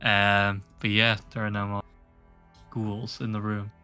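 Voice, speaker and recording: A man's voice: on the low side, completely flat delivery, measured pace, pushed and bright, smooth, soft background music. A man narrating as game master of a tabletop game, hesitant and full of fillers.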